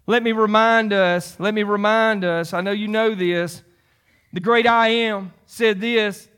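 A man's voice: high-pitched, fairly even intonation, measured pace, a bit bright, clean tone. A man in his fifties preaching a sermon, emphatic and repeating phrases for stress. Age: 50s. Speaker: pastor.

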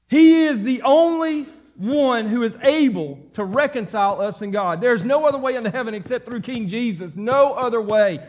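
A man. He drives his points home by repeating short phrases and swinging between fiery declarations and quiet, earnest pleas to the congregation. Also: very high voice, moderate pace, hardly any pauses. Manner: impassioned preaching, repeats phrases for emphasis. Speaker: pastor. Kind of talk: sermon. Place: church sanctuary.

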